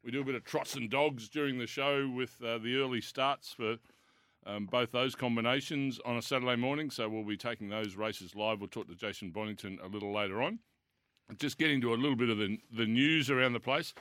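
A man's voice: mid-range voice, fairly even intonation, a little fast, fairly bright tone, no echo. An Australian man hosting a racing radio show, chatty and telling stories. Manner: storytelling, chatty. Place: radio studio.

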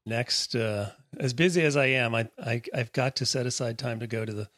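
A man's voice: medium pitch, moderate pace, fairly bright tone, dry recording, studio quality. A man co-hosting a podcast, chatting casually and laughing often, who also reads scripture aloud. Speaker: podcast co-host. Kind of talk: casual chat and scripture reading.

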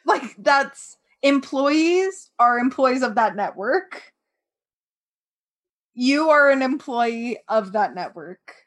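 A woman's voice: high-pitched, animated, a bit bright. A young woman co-hosting a podcast, talking casually and sounding frustrated, with lots of filler words. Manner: frustrated, measured, many fillers. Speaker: podcast co-host. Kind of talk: casual gossip chat.

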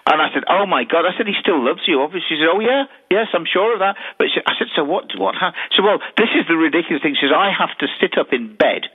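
A man with a slightly high voice tells ghost stories in an animated way, often stumbling over and repeating his words. The sound is thin and tinny, like a phone line. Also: quick pace, hardly any pauses, breathy edge. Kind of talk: casual chat telling ghost stories.

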